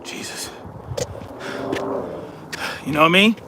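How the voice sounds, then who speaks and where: A man hosting a live stream, chatting casually and reading out viewer comments in a blunt, conversational way. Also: noisy background. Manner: blunt, conversational, drawn-out emphasis.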